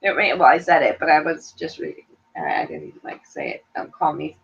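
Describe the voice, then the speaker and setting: This co-host, a middle-aged mother, has a low, creaky voice and a brisk delivery. Her casual chat-show talk is animated and full of laughter, with put-on voices for quotes, all captured in a dull lo-fi recording.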